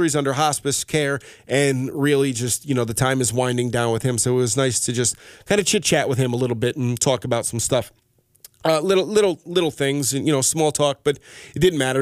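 Man, podcast host, rambling, heartfelt, mid-pitched voice, dry studio mic. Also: no room sound. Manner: rambling, heartfelt, self-interrupting. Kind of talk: personal podcast monologue. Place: radio station studio. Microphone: studio microphone.

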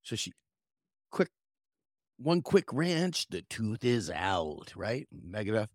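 A middle-aged American man hosting a podcast tells a story as a casual rant, animatedly acting out the quotes and swearing along the way. His fairly low voice moves slowly, recorded cleanly in a studio with no echo.

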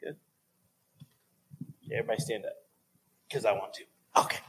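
A man's voice: on the low side, moderate pace, creaky, a bit bright, poor audio. A man pastoring a church service, talking casually and earnestly about giving, with frequent "okay" and "all right" check-ins. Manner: casual, earnest, chatty with fillers. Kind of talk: church offering talk.

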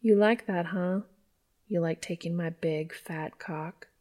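Woman reading as a hushed, teasing lover. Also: lowish voice, takes it slowly. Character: confident adult woman, teasing dominant lover.

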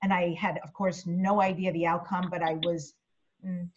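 A woman's voice: on the low side, flat delivery, moderate pace, a little hiss or hum. Female podcast guest, chatty and reflective, filler-heavy, slightly dull sound. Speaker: interview guest, media coach. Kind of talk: casual interview chat.

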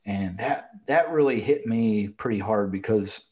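A middle-aged man in a casual conversation, talking in a halting way and getting choked up as he recalls a loss. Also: on the low side, darkish tone. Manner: halting, emotional, gets choked up.

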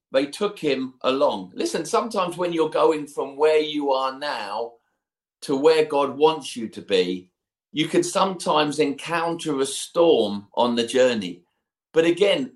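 A man preaching a sermon, retelling a scripture story in a conversational way, with personal asides. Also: a little high.

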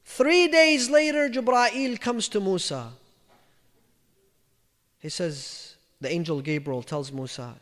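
A man giving a storytelling religious lecture, emphatic and repetitive, dropping his voice low for quoted lines. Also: takes it slowly, pauses often, fairly bright tone. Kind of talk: storytelling sermon. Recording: reverberant lecture hall.

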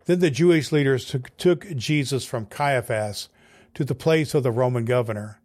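A male pastor reads a scripture passage aloud. His pitch sits in a middle range. The reading is steady and clear. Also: moderate pace.

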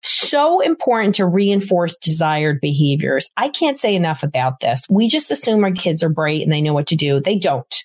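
A woman's voice: low-pitched, big pitch swings, moderate pace, few pauses, dry recording. Emphatic middle-aged woman podcast host. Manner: emphatic and enthusiastic, repeats words for stress. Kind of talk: casual advice monologue.

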